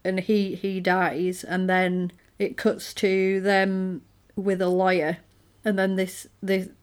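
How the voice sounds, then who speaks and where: Brief: woman, podcast co-host, chatty animated storyteller. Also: mid-range voice, slow, smooth. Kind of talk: casual chat recapping a film.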